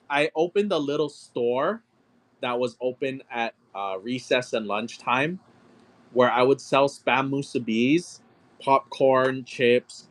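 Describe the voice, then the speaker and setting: A man in his thirties chatting casually while selling on a live stream, telling a story with lots of swearing and calling out sale numbers. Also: mid-range voice. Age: 30s. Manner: profane, animated storyteller, calls out sale numbers. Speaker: live-stream auction seller.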